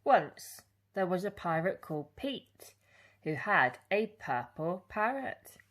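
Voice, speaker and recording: A woman reading a children's picture book aloud in an expressive storytelling way. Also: lowish voice, slow pace.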